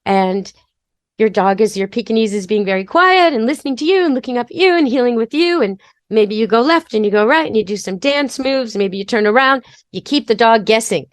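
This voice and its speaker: Woman, pet expert, podcast host, chatty, practical, higher voice, dry sound. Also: animated, brisk, dry recording. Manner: practical, chatty, gives step-by-step advice. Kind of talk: casual instructional talk.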